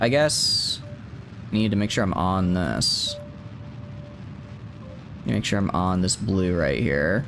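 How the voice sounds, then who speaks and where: A man's voice: lowish voice, expressive, slow, pauses often, a little hiss or hum. A man streaming a video game in casual live commentary, thinking aloud and tripping over words as he restarts.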